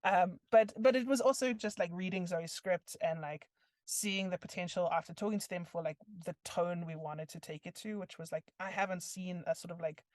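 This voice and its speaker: Woman, film director guest; casual, filler-heavy, mid pitch, dry mic. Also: moderate pace, darkish tone, no echo. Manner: thoughtful, many fillers like "like" and "um". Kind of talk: casual interview chat.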